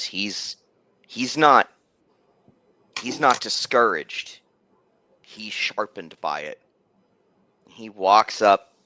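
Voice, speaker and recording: A young man narrating as game master, rambling with many halting restarts. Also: on the low side, bright, forceful tone, no echo.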